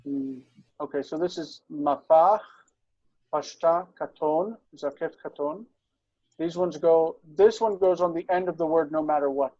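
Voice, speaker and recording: A man's voice: on the high side, a little slow, warm tone, muffled recording. A man tutoring one student in biblical language, patiently correcting pronunciation and explaining accents with short affirmations. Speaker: Hebrew and Aramaic tutor.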